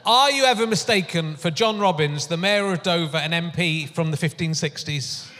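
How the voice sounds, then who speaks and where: A man's voice: fairly high pitch, normal speed, pushed and bright. A man hosting a comedy podcast in a casual chat, playfully asking his guest running-gag questions on stage before a live audience. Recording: live venue with long reverb.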